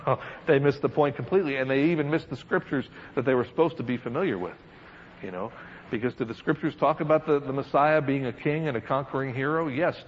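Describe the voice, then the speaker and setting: A man preaching a Bible study in a middle, ordinary pitch, reading verses and then breaking into animated comments with frequent chuckles. The recording sounds dull and lo-fi, with faint noise behind him. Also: brisk. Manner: lively, laughing asides, reads scripture then comments.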